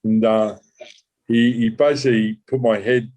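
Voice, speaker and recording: A lowish, mellow-toned man tells his own story as a former undercover officer. He talks in halting bursts, restarting sentences and swearing casually as he goes. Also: flat delivery, low-quality recording. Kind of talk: recounting a true story in an interview.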